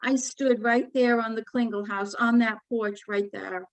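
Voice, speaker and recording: A woman poet and author giving a book talk, speaking in an earnest, measured and emotionally moved way. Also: a little high, steady tone, no room sound, rough recording. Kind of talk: book talk with poetry reading.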